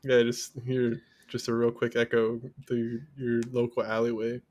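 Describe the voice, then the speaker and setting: A man co-hosting a casual comedy podcast, teasing and swearing in deadpan jokes. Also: medium pitch, unhurried, muffled recording. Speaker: podcast co-host.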